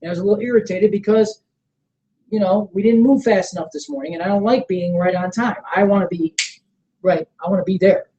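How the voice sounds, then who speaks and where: Man, middle-aged, sales trainer, motivational seminar, mellow tone, coaching manner, checks in with listeners. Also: a little fast, highs cut off, slight background noise. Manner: energetic and coaching, often checks in with the room; acts out sample sales pitches in a calmer voice. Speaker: network marketing trainer.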